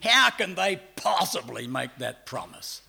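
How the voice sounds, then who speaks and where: A middle-aged man with an Australian accent preaching a sermon. He shifts between loud, drawn-out emphasis and quiet, fast asides. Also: high voice, big pitch swings, gravelly, breathy edge. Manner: acts out quoted people in brief voices.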